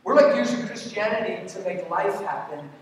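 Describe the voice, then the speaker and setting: Emphatic preacher in an echoing hall. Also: male voice, high voice, lively intonation, normal speed, a little hiss or hum. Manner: emphatic, questioning the crowd, joking asides. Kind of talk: sermon. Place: large church hall. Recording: echoey hall from far off.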